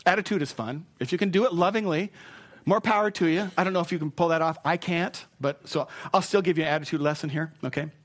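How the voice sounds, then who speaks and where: A man's voice: on the high side, fast. Chatty self-deprecating male preacher. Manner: conversational, self-deprecating, repeats key phrases. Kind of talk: sermon.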